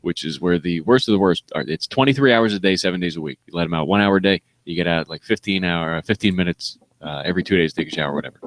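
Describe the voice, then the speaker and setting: A man's voice: low voice, fast talker, few pauses, slight background noise. A man, a comedian co-hosting a podcast, telling a crude story in casual talk, swearing and laughing often. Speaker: podcast co-host.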